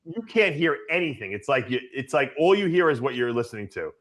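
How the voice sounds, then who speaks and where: A man's voice: medium pitch, very animated, brisk, fairly bright tone. A man hosting a casual panel chat, blunt and conversational. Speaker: host.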